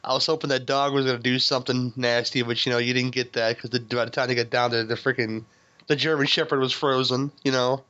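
A man's voice: mid-range voice, level tone, fast talker, sharp tone. Male podcast host, casual movie chat, laughs and curses a lot, slightly muffled lo-fi sound. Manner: laughing, swearing, rambling with restarts. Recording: dull lo-fi sound.

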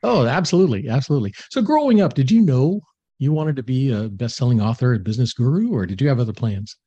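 A man hosting a podcast, asking interview questions in a brisk way with short affirmations. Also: mid-range voice, lively intonation, dark tone, slightly rough, dry recording, muffled recording. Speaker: podcast host.

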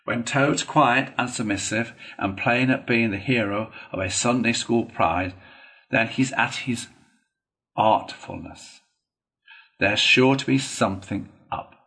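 A man's voice: medium pitch, takes it slowly, bright, forceful tone, rough recording. A man reading a storybook, voicing a stern, knowing older male badger in a firm, warning manner.

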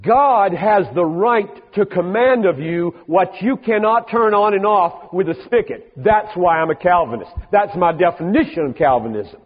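A man's voice: sits high, animated, normal speed, hardly any pauses. Older male pastor preaching in a reverberant hall. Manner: emphatic, shifting from soft asides to rising, preaching peaks. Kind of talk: sermon. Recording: hall reverb on a thin, phone-like band.

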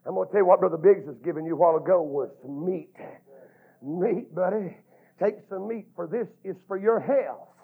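A man preaching a fervent sermon, chanting his phrases with drawn-out "uh"s and building to shouts. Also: high-pitched, breathy edge. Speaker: Baptist preacher. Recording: tinny, phone-like lo-fi sound.

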